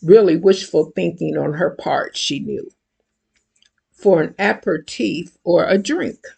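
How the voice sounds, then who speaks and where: An older woman reading an excerpt from her own book aloud in a slow, measured, deliberate way. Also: lowish voice, vocal fry, darkish tone, slightly rough.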